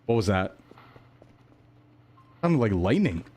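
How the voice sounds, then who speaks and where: A man's voice: on the low side, big pitch swings, slow, a little mellow, slight background noise. A male streamer in casual gameplay chat, rambling to himself and his chat, jumpy and easily startled.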